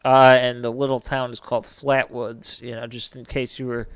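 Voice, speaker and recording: Male podcast host, mid-pitched and smooth, casual storytelling. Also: flat delivery, moderate pace, dry recording.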